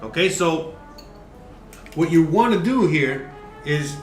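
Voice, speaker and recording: A man's voice: a little high, expressive, slow, reverberant, soft background music. Chatty man hosting a cooking stream. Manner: chatty, explains step by step, swears casually. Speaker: cooking show host. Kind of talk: casual cooking livestream.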